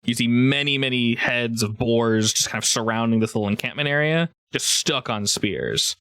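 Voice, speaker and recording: A man's voice: medium pitch, moderate pace, clear, resonant tone, dry recording. Easygoing man narrating as game master. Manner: relaxed, rambling with many fillers.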